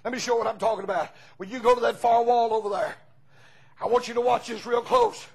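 A man preaching a fervent sermon as pastor, breaking into shouts and calling on the congregation for amens. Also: extremely high pitch, steady tone, quick pace, gravelly, breathy edge, low-quality recording.

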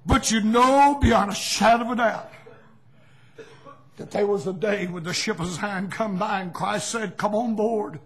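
A man preaching a revival sermon, folksy storytelling that bursts into shouts. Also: high-pitched, unhurried, husky, poor audio.

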